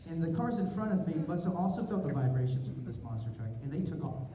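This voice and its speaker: A man telling a comic story at a convention panel, animated and self-mocking, acting out his own inner thoughts. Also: a little high, fast talker. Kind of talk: comic storytelling to a live audience. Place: large convention hall. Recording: roomy hall from far off, crowd noise. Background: audience laughter and murmur.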